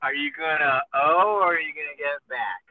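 A man's voice: on the high side, a little fast, no room sound. A man hosting a casual podcast chat, rambling through stories and swearing freely. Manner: rambling storyteller, swears freely, acts out quoted voices. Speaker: podcast host. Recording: tinny lo-fi phone-like sound with faint noise.

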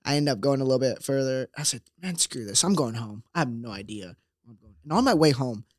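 A young man telling a personal story in a casual, animated way, acting out voices and laughing often. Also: mid-range voice, fast, dry recording, studio quality. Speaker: guest telling his story.

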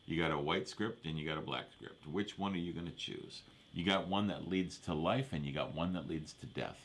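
Deep-voiced male preacher. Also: moderate pace, gravelly, a bit bright, slight background noise. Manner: repeats verses, asks for amens, conversational preaching. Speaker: pastor. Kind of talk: sermon.

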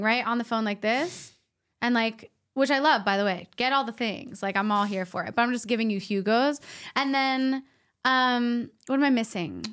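A woman guest on a podcast, chatting in a bubbly, playful way and telling lively stories. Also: fairly high pitch, clear, resonant tone. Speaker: podcast guest, health coach. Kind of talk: casual chat.

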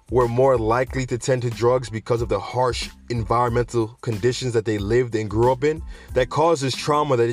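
A man hosting a news show in a loose, ranting commentary style, slangy and animated, often veering off topic to talk straight to his viewers. His voice sits at a middling pitch, with faint music underneath. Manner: animated, digressive, slangy, addresses viewers directly. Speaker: host of a cannabis news show. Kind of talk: casual news commentary with rants.

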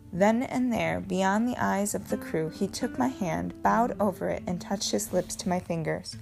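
A woman narrating a novel in the first person with steady storytelling. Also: mid-range voice, moderate pace, vocal fry, music in the background. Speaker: audiobook reader.

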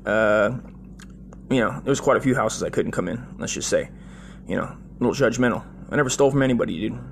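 A man's voice: medium pitch, fast, creaky, slight background noise. Foul-mouthed rambling male storyteller. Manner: profane, loose and chatty, with many fillers like "dude" and "right?". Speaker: host telling a childhood story.

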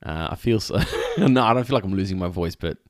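Low-voiced, easygoing Australian man. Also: fairly quick, no echo, studio quality. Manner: easygoing, laughs along, relaxed banter. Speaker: podcast co-host. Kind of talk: casual chat.

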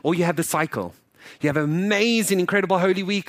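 Animated male pastor preaching. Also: sits high, fast talker. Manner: animated, acts out quoted dialogue; conversational, jokes with congregation. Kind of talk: sermon.

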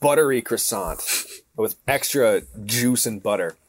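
A man's voice: mid-range voice, lively intonation, unhurried, no room sound. A man voicing a clumsy, oafish Frenchman happily musing about a fresh start to his day. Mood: cheerful. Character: clumsy daydreaming Frenchman, adult male, oafish.

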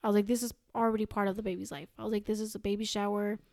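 A woman's voice: medium pitch, level tone, racing, a little mellow, no room sound, studio quality. A young woman, a podcast guest, telling a long personal story in casual chat, quoting herself and others again and again. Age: young adult. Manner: rambling, quotes herself and others with "I was like".

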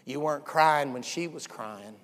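An older man preaching a sermon, dropping to hushed asides and then rising to fervent shouts. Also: fairly high pitch, moderate pace. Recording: long reverb of a large hall.

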